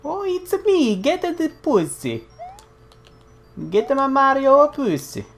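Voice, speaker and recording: Put-on Italian accent, squeaky, shrill, goofy game plumber. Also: male voice, wildly swooping pitch, slow pace, faint music behind, full character voice. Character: squeaky excitable Italian plumber man, cartoonish.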